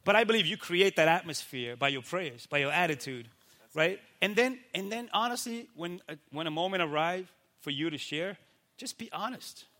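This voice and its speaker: A male pastor speaking in a casual, animated way, with a high voice. His tone is bright and forceful, and he keeps checking in with his listeners. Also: moderate pace. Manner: animated, keeps asking "right?" and acts out quoted people. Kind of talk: casual faith talk.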